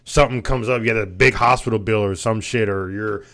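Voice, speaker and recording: A man's voice: fairly low pitch, steady tone, brisk, a bit bright. A young man co-hosting a podcast, giving casual advice in rambling speech full of fillers and light teasing. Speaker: podcast co-host.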